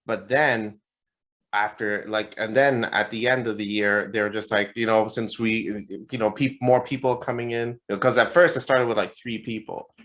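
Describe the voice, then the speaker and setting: A man co-hosting a podcast, telling a story in a casual, animated and profane way. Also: lowish voice, moderate pace. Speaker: podcast co-host. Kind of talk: casual chat.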